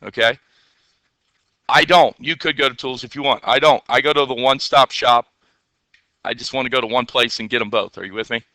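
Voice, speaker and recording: Bright, crisp-voiced man teaching a class. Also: medium pitch, fairly quick, pauses often, no echo. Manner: chatty, asks the class questions, playful asides. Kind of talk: classroom software lesson.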